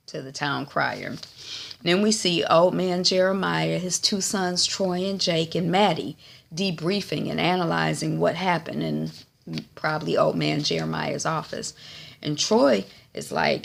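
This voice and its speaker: A woman recapping a TV episode for her vlog in a chatty, animated way, with frequent fillers. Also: low voice, measured pace, creaky. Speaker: TV recap vlogger.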